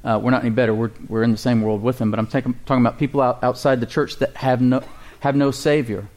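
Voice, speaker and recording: A man preaching at a middle pitch, delivering a sermon with call-and-response. He slows down to read scripture aloud and asks his listeners questions. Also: level tone, darkish tone. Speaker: pastor.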